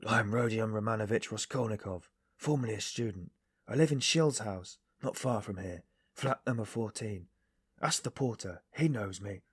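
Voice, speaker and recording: A man's voice: lowish voice, fairly quick, husky. A man voicing a brooding young male former student who talks in a lazy, dreamy, detached way. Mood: lazy, jeering.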